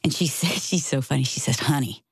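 A middle-aged woman telling a personal story in casual conversation, animated and acting out the voices of the people in it. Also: a bass voice, quick pace, gravelly, breathy edge, dry recording. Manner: animated, acts out quoted voices. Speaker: guest.

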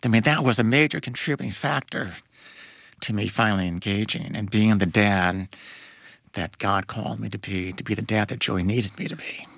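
A man who is a guest on an interview, telling his story as a father in a reflective, halting way with many restarts. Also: on the low side, vocal fry, a bit bright, dry recording, clean studio sound. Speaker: guest, father of a son with a disability. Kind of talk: personal testimony in a faith interview.

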